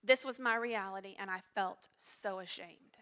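A middle-aged woman pastor preaches with a bright, forceful voice. She speaks earnestly and confessionally, sometimes dropping to hushed tones. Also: medium pitch, normal speed. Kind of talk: sermon.

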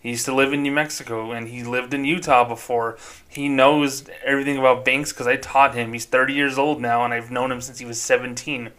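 A man's voice: mid-range voice, level tone, brisk, a bit bright. A man hosting a solo podcast, opinionated and emphatic as he rants into a microphone. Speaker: podcast host.

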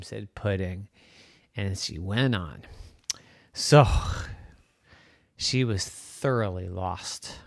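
A man's voice: low voice, drawn-out words, creaky, pauses often, no room sound, clean studio sound. A man telling an improvised bedtime story in a playful, sing-song way.

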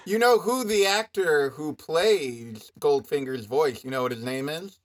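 A man co-hosting a podcast, retelling film plots in an animated, joking way. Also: fairly high pitch, measured pace. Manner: animated, jokey storytelling. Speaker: podcast co-host. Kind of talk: casual film discussion.

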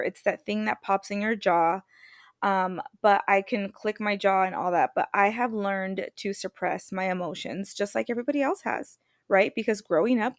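A woman's voice: mid-range voice, dry recording. Woman, middle-aged, podcast host; upfront, emphatic motivational talk, dry close recording. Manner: candid, emphatic, slows down for repeated phrases.

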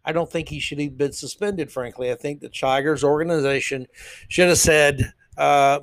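A man hosting a podcast, giving casual, opinionated commentary that rambles with frequent "uh" pauses. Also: a little high, steady tone, a bit bright, dry recording. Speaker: podcast host.

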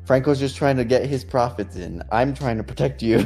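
A man co-hosting a podcast in casual chat, joking and animated, swearing now and then. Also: mid-range voice, moderate pace, vocal fry, breathy edge, faint music behind. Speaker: podcast co-host.

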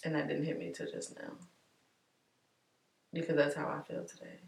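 A woman vlogger talking candidly and warmly to her viewers, chatty and heartfelt, calling them y'all. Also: deep voice, monotone, moderate pace, gravelly, roomy sound, distant mic. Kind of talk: candid personal vlog talk.

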